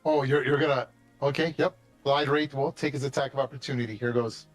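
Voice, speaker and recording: A man's voice: medium pitch, fairly even intonation, brisk, over music. A man running a tabletop game as game master, in a casual, chatty way that slips into light swearing.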